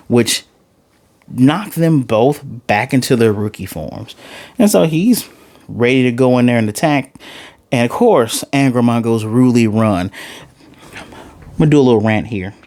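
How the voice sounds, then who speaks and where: A man casually recapping and ranting about an anime episode, rambling and acting out the characters' lines as he goes. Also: mid-range voice. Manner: animated retelling, acts out lines, rambling. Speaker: anime reviewer.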